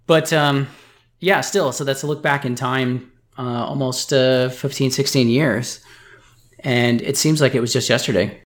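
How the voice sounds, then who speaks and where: Measured, thoughtful male podcast co-host. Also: medium pitch, fairly even intonation. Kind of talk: casual podcast chat.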